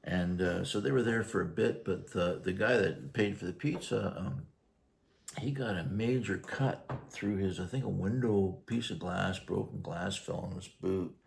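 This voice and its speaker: A retired firefighter, a man, telling a long story in a rambling, halting way during a casual chat. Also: low-pitched, vocal fry.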